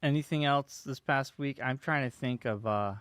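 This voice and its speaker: A man's voice: medium pitch, normal speed, fairly bright tone, clear, resonant tone, no room sound, clean studio sound. A man hosting a casual podcast chat, loose and hesitant with many ums as he steers the talk. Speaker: podcast host.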